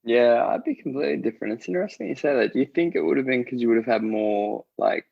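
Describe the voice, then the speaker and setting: A man co-hosting a casual podcast chat in an easygoing, chatty way with many pauses and little laughs. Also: mid-range voice, expressive, gravelly, dry recording, muffled recording. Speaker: podcast co-host.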